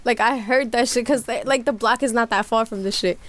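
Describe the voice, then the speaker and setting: A woman's voice: a little high, brisk. Slangy young woman telling a wild story. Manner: animated storytelling with voiced quotes, slangy and profane. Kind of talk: casual chat.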